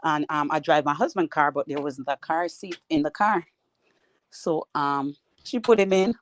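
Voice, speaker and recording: A woman's voice: low voice, moderate pace. Matter-of-fact mother telling a story. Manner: plain, matter-of-fact retelling with simple grammar. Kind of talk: casual storytelling.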